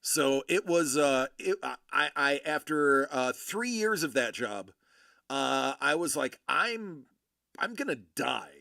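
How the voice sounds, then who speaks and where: Lively rambling man in his forties. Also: mid-range voice, slow, creaky, no room sound, clean studio sound. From Buffalo, New York. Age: 40s. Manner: rambling, animated storytelling with fillers and restarts. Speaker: host of a collectibles live show. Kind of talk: casual live-stream chat.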